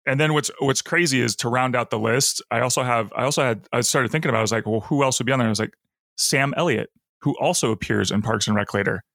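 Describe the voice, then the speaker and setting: A man's voice: medium pitch, quick pace, creaky, a bit bright, no room sound, studio quality. A man co-hosting a podcast, chatting casually and playfully, often restarting his sentences. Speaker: podcast co-host. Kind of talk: casual chat.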